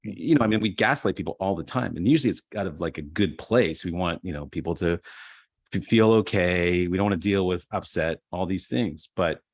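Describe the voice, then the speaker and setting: Middle-aged male improv teacher, low voice, dry close sound, animated storyteller. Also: fairly quick, no echo. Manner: animated storyteller, acts out quotes. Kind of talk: casual conversation. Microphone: video call.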